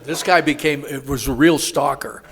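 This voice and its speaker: A man sharing his recovery story at a meeting, rambling and interrupting himself, laughing at his own jokes and acting out quoted voices loudly. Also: mid-range voice, normal speed, gravelly. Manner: acts out quoted voices with sudden loud jumps. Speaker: AA speaker.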